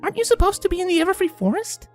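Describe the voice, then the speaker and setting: A man voicing a young female unicorn filly with a high, soft, fragile voice, reading a story with faint music behind. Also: animated, very fast. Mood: sleepy, confused. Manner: small, fragile, pleading.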